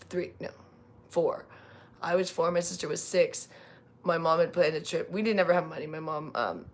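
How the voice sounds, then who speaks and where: A woman from California chatting casually on a live stream, rambling with many fillers and restarts. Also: on the low side. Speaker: livestream host.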